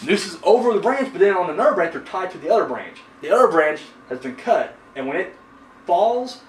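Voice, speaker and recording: A man with a high-pitched, expressive voice hosts a horror movie review show, talking fairly quickly. His chat is casual and rambling, peppered with fillers and swearing, recorded from a distance in an echoey room with faint noise.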